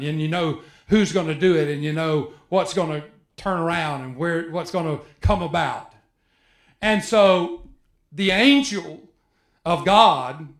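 A man preaching a sermon, animated, acting out biblical voices with rising emphasis. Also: on the high side, reverberant.

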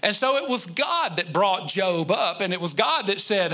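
High, bright-voiced folksy preacher. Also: male voice, lively intonation, moderate pace, few pauses. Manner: folksy, joking with the congregation; emphatic, repetitive. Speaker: pastor. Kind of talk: conversational sermon.

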